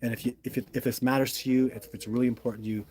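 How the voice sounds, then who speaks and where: A man's voice: mid-range voice, level tone, very fast, darkish tone. Chatty middle-aged man reading live comments. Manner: chatty, apologetic, reads comments aloud. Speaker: livestream host reading viewer comments. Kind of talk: casual live-stream chat.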